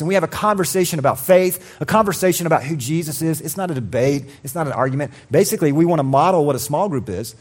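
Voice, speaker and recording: A man preaching a sermon as pastor, telling a personal story with lively acted quotes and sudden drops to a quiet voice. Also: on the high side. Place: church.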